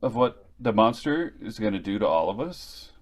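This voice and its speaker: A man's voice: lowish voice, very animated, moderate pace. A man co-hosting a podcast in casual chat, playful and teasing. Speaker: podcast co-host.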